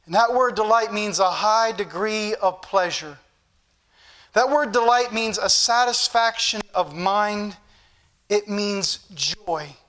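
A man preaching an evening sermon, teaching the congregation earnestly and slowing down to read scripture aloud. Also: fairly bright tone. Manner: slows down and rises in pitch when reading scripture aloud; earnest, repetitive teaching delivery.

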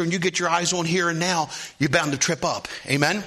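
Bright-voiced preaching man. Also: fairly high pitch, steady tone, fairly quick. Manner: call-and-response preaching, rising to loud emphatic peaks; repeats phrases and asks for affirmation. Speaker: pastor. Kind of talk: sermon.

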